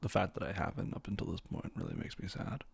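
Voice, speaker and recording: A man's voice: low voice, huge pitch swings, fast, vocal fry, breathy edge. A man hosting a podcast, casually retelling a film from memory in a rambling way, full of fillers and self-corrections. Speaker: podcast host.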